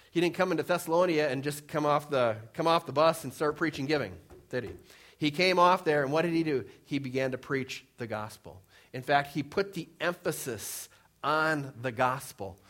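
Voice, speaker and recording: A male pastor delivers a sermon, reading from scripture and explaining it. His voice swings between emphatic rises and soft, low drops.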